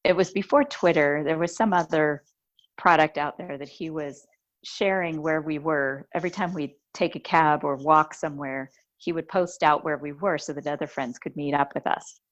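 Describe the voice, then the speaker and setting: A woman's voice: sits low, moderate pace, dull audio. A woman podcast host chatting casually and telling a story, acting out the voices she quotes. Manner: lively storyteller who acts out quoted voices.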